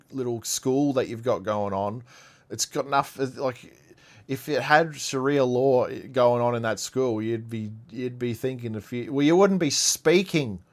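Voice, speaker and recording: A man from Iran hosts a live stream and rants over the clips he plays. He is sarcastic, keeps repeating himself and sits at an ordinary mid pitch. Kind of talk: heated commentary on played clips.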